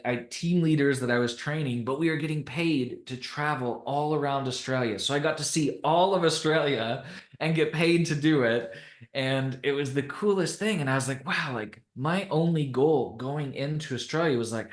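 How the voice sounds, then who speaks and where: A young man from Canada shares a personal story on a podcast, relaxed and conversational. He laughs easily and tells his story with lively energy. His voice sits at an ordinary pitch, and the room adds a noticeable echo. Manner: animated, laughs often while telling stories. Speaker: podcast guest. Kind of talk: casual storytelling interview.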